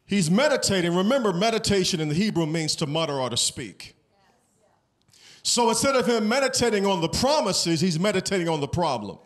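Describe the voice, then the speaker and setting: Male pastor, slightly higher voice, conversational sermon with questions to the congregation. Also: sing-song, brisk.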